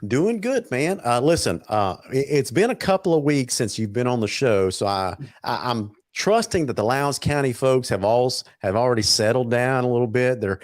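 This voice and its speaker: A man hosting a casual talk show and reading sponsor messages, excitable and wired on caffeine, tripping over his words. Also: medium pitch, moderate pace, hardly any pauses, dry recording, clean studio sound. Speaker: host.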